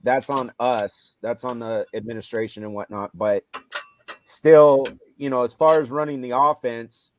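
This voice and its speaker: A middle-aged man chatting on a live show about his coaching. He tells his stories in a relaxed, casual way and turns loud and animated when he acts out what he said on the field. His voice sits in an ordinary, mid-range pitch. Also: a little slow, a little hiss or hum. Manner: animated retelling, loud when quoting himself. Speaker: high school football coach.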